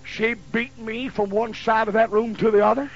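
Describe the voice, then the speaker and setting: A man in his fifties preaching a sermon in a folksy storytelling way that builds to shouting, on a dull lo-fi recording. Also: sits high, steady tone, moderate pace, faint music behind. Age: 50s. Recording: dull lo-fi recording with faint hiss.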